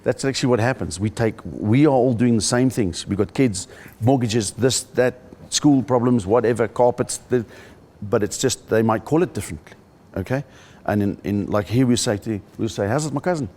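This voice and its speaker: A South African comedian in his middle years talks in a fairly low voice during an interview. He tells his stories with lively energy and leaps into high, squeaky voices to land his jokes. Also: moderate pace. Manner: animated storyteller, jumps into high-pitched voices for jokes. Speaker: stand-up comedian. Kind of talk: interview with comic anecdotes.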